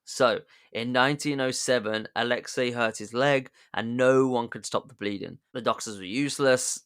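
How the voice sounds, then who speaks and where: A man's voice: mid-range voice, moderate pace, a bit bright, smooth. A man hosting a podcast, chatty and jokey, telling history as a casual story and laughing at his own jokes. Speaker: podcast host.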